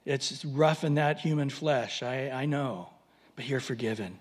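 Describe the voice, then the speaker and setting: A man voicing Jesus as a patient but worn-out adult man, speaking low and tired. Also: measured pace, slightly rough, long reverb tail. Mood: weary.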